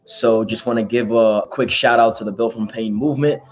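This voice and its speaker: A man with a hoarse, raspy voice giving an emphatic, profane motivational talk as host of a live stream. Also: on the low side, fairly even intonation, a little fast. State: hoarse from a lost voice.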